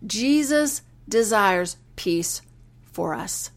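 Female podcast host with an earnest, sermon-like delivery, mid-range voice, stops and restarts when moved. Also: mid-range voice. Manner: earnest, preacherly, quotes scripture with slow emphasis. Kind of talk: faith-based personal reflection.

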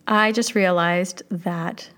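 A woman's voice: fairly low pitch, steady tone, slow pace, a bit bright. A Canadian woman in her thirties with a Canadian accent, hosting a solo podcast as a life coach and talking casually with listeners. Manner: friendly, conversational, asks the listener questions.

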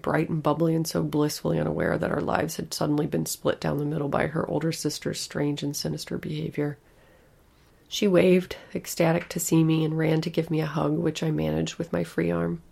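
A woman's voice: low-pitched, vocal fry, mellow, husky. A woman narrating a first-person horror story in an anxious, intimate way.

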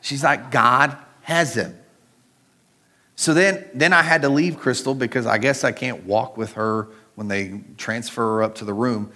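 A middle-aged pastor preaches conversationally in a medium-pitched voice that sounds pushed and bright, moving at normal speed with few pauses. He tells a personal story and speaks straight to the congregation.

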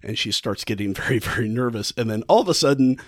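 A man hosting a podcast, casually retelling a story with enthusiasm and frequent halting restarts. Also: medium pitch, expressive, no room sound, studio quality. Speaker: podcast host.

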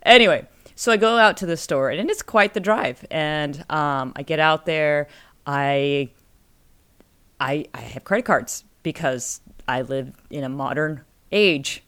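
A middle-aged woman from California telling a story in casual podcast chat, animated and acting out the people she quotes. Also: deep voice, unhurried, smooth. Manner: animated storyteller who acts out quoted voices. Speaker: podcast co-host.

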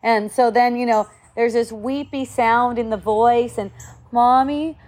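A woman's voice: a little high, steady tone, unhurried, a little mellow. A middle-aged woman giving a casual spiritual talk, musing and conversational, sometimes acting out the voices she quotes. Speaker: spiritual teacher.

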